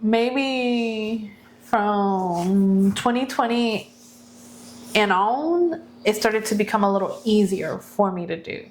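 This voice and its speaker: A woman's voice: mid-range voice, expressive, slow, a little hiss or hum. A married woman co-hosting a casual podcast chat, candid and slipping in jokey asides. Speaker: podcast co-host.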